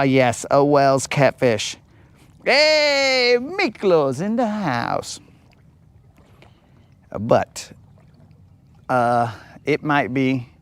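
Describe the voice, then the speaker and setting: A man's voice: medium pitch, clear, resonant tone. A man hosting a live fishing stream from a boat outdoors, chatting to viewers in a casual, joking, slangy way. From United States. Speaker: fishing livestream host.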